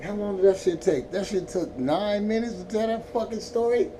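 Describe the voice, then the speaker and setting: The voice sits high and warm, moving at a normal speed, as a stoned vlogger from Northern California's Central Valley rambles through a profane story. It's casual, laid-back storytelling, recorded on a distant mic with faint background noise.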